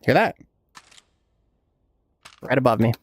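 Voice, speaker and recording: A man's voice: medium pitch, animated, takes it slowly, no room sound. A man in his thirties giving casual, laid-back gameplay commentary as a streamer, swearing a lot and laughing often. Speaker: game streamer.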